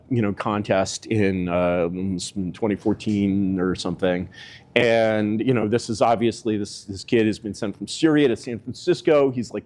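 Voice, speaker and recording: A man with a darkish tone rambles casually about politics, filling gaps with filler words and varying his pitch up and down to emphasize things.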